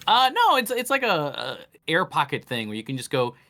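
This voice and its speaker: A man's voice: fairly high pitch, wildly swooping pitch, a little fast, vocal fry, bright, forceful tone, faint music behind. A young man, a voice actor, chatting casually as an interview guest, laughing often and slipping into character voices.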